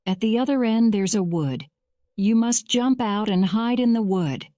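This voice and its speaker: A woman voicing a kind male train driver in an audio storybook, calm and matter-of-fact. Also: medium pitch, unhurried, dry recording, studio quality, natural voice.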